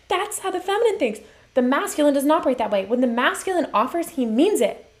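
A woman speaking as a relationship coach in a motivational live-stream talk, earnest and emphatic, repeating her key phrases and reading viewer comments. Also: sits high.

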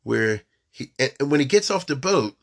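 A man's voice: mid-range voice, lively intonation, unhurried, vocal fry. A man giving an informal storytelling lecture, mixing in Hebrew and Yiddish terms and often checking that his listeners follow.

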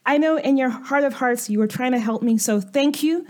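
A woman's voice: sits high, normal speed, a little mellow, natural voice. A woman voicing a fussy young woman adventurer who stammers and scolds primly. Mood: indignant scolding.

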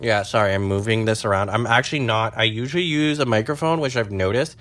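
A young man rambling and swearing in a casual monologue from his parked car, jumping between low mutters and high squeals. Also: quick pace, fairly bright tone. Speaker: vlogger.

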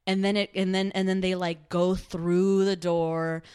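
A woman's voice: on the low side, flat delivery, a little slow, a little mellow, clean tone. Chatty young woman, filler-heavy rambling. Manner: rambling, lots of "like" fillers, laughs often. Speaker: podcast co-host. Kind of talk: casual chat recapping a TV show.

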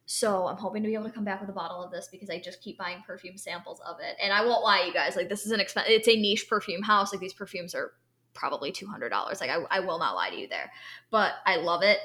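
A woman's voice: medium pitch, fast talker, sharp tone. A young woman co-hosting a casual podcast chat, talking with enthusiasm and plenty of fillers. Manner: chatty, enthusiastic, many fillers. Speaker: podcast co-host. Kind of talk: casual chat about perfume.

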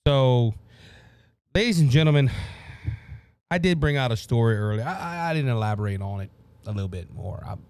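A man's voice: mid-range voice, animated, normal speed, long pauses, darkish tone, clear, resonant tone, no room sound. A man with a Louisiana accent hosting a political talk show, passionate and worked up, often stumbling and repeating words. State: worked up and sweating. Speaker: podcast host.

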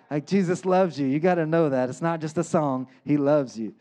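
A man's voice: on the high side, normal speed, hardly any pauses, dark tone. A male pastor giving a conversational sermon, often checking in with "right?" and acting out quotes.

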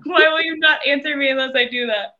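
A woman chatting casually in a group, telling a quick, bemused anecdote. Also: high-pitched. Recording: dull, muffled audio.

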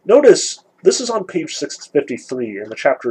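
Male lecturer, husky voice, high and lively pitch, sarcastic, emphatic. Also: moderate pace, low-quality recording. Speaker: literature lecturer. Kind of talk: lecture with passages read aloud.

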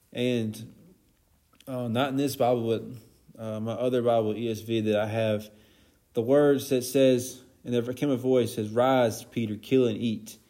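A man's voice: medium pitch, warm tone. A man giving an informal Bible lesson in a casual, conversational way, with plenty of fillers and asides. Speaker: Bible study teacher.

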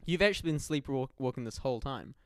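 A man's voice: mid-range voice, lively intonation, quick pace, dry recording, clean studio sound. A young man co-hosting a podcast, laid-back and jokey, laughing a lot. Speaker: podcast co-host. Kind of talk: casual chat.

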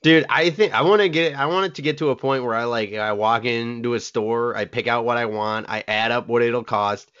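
A man's voice: medium pitch, steady tone, a little fast, few pauses, a bit bright, clear, resonant tone, highs cut off. A man co-hosting a casual comedy podcast, crude and profane, laughing through his stories.

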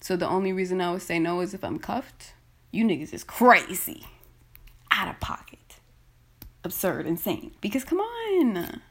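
A woman's voice: fairly low pitch, sing-song, moderate pace. A woman podcast host ranting casually and bluntly into her phone, swearing and exasperated.

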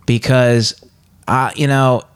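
A man's voice: mid-range voice, steady tone, slow, smooth. Earnest man in Bible chat. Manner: earnest, confessional. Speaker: podcast co-host. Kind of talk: casual Bible discussion.

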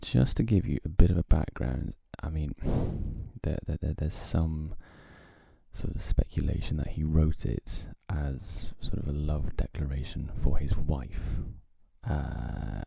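Male podcast host, gravelly low voice, offhand self-mocking chat, close dry mic. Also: measured pace, dark tone, no room sound. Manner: rambling, self-deprecating, wry asides. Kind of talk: casual solo podcast talk. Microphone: home podcast mic, close.

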